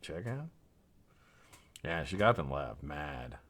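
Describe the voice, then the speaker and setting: A man's voice: low voice, sing-song, normal speed, sharp tone. Tired, profane man chatting on a live stream. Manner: rambling, swears a lot, laughs often. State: tired and yawning. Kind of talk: casual live stream chat.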